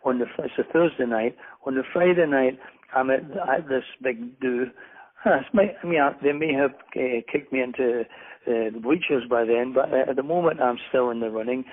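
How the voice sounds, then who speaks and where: A middle-aged Scottish man, a guest author, chats in a casual interview, speaking a little fast in a mid-range voice. He rambles and is self-deprecating, with many restarts, and the audio is narrow and phone-like.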